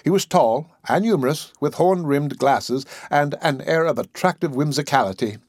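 A man narrating a story in an expressive, scripted reading. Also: fairly high pitch, normal speed, no room sound, clean studio sound.

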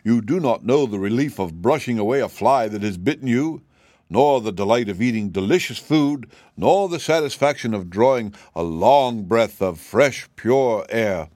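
A man's voice: mid-range voice, expressive, moderate pace, a little mellow, dry recording, studio quality, lightly acted. A man voicing a proud, vain old male cab horse who talks down with lofty pity. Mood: boastful. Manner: boastful, pitying, lofty.

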